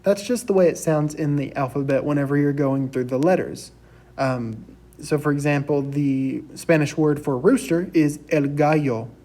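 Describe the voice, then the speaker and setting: A young man teaching a recorded class lecture, saying each word slowly and clearly for students to repeat. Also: on the high side, warm tone. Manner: slow, deliberate, drills words for repetition.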